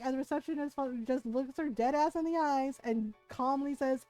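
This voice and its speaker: This streamer has a high-pitched voice and a moderate pace, recorded with no room sound and soft music underneath. Chatting casually about her own experience, she keeps saying "right?" and "like" and brings the people she quotes to life in a lively retelling.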